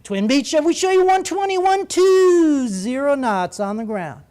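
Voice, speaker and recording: A man doing a polished air traffic controller who reads out speeds in a lilting, sing-song voice. The pitch rides well above his own voice and lands firmly on each number. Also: lively intonation, measured pace, a little mellow. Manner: sing-song, formal radio delivery.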